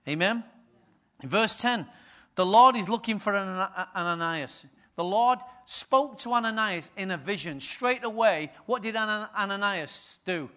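A man in middle age delivers a sermon to his church with a high, forceful, bright voice. He tells stories in a lively way and acts out the people in them. He swings between quiet, confiding asides and loud, punchy lines. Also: a little slow. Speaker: pastor.

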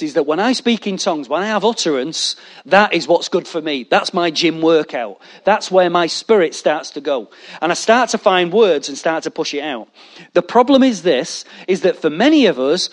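A man preaching a sermon, animated and jokey, talking straight to his congregation. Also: high voice. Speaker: pastor.

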